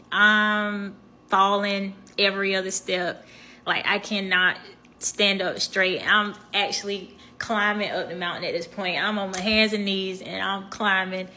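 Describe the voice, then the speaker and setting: Bright-voiced young woman telling a story. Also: mid-range voice, a little hiss or hum. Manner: chatty, expressive, addresses viewers directly. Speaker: vlogger. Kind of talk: casual storytime.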